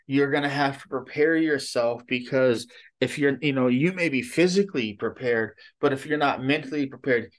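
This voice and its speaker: A man delivering a sermon in a relaxed, talky way. He wanders through a story with frequent asides and keeps checking in with the listeners. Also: medium pitch. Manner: conversational and rambling, frequent "you know" and "okay?". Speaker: preacher.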